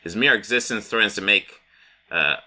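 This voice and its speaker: A man's voice: lowish voice, lively intonation, normal speed, pushed and bright. A man voicing an arrogant male genius billionaire villain in a clipped, disdainful way.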